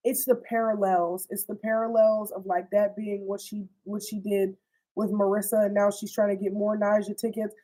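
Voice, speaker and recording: A young woman casually recapping a TV series, animated and slangy, swearing freely and acting out the characters' lines. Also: medium pitch, normal speed, poor audio. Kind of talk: casual storytime chat.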